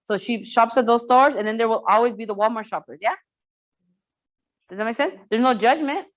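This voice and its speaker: Woman with a fairly high voice teaching sales to agents, energetic, keeps asking "got it?". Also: brisk. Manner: energetic, repeats words, asks the room for checks. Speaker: real estate coach. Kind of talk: sales training talk.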